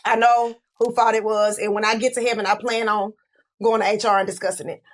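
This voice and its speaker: A woman's voice: mid-range voice, level tone, a little fast, slight background noise. A woman co-hosting a podcast in casual chat, playful and joking, laughing often. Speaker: podcast co-host.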